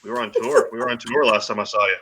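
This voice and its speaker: Easygoing guest, bright and sharp timbre, halting fillers. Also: male voice, mid-range voice, breathy edge, poor audio. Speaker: podcast guest. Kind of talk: casual chat.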